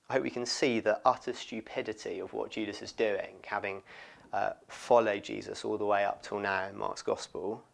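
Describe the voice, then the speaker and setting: A man preaching a sermon, expressive and lively, often acting out what people in the story say. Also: on the low side, creaky. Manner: expressive, acts out quoted voices.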